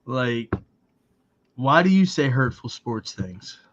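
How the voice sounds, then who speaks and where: A man's voice: mid-range voice, big pitch swings, slow, a bit bright, slight background noise. Dry, teasing man on a slightly dull lo-fi podcast mic. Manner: dry, teasing, swears casually. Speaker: podcast co-host. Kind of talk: casual wrestling podcast chat.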